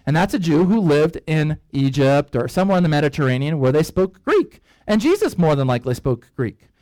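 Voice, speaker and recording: Male pastor, high voice, storytelling sermon, chatty asides, dry recording. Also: fairly quick, no echo, low-quality recording. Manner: lively storyteller, acts out characters' reactions; rambling with frequent fillers and asides. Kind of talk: sermon-style Bible teaching.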